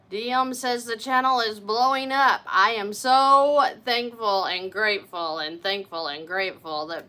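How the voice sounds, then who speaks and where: Bright, effusive woman livestream host. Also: a little high. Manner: upbeat, greeting viewers by name and hometown; effusive and chatty. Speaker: livestream host reading viewer chat. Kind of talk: casual live Q&A chat.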